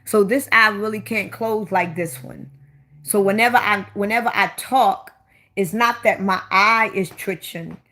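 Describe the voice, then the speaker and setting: Her voice is mid-range and sharp, and she keeps a measured pace. A Baltimore woman older than 25, she runs her own livestream, chatting casually, bluntly and at length while often repeating her questions for emphasis.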